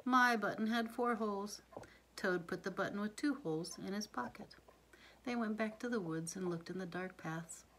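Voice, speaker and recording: A woman reading a bedtime story aloud to her child in a soft, hushed voice, often dropping to a whisper. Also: mid-range voice, moderate pace, a little hiss or hum.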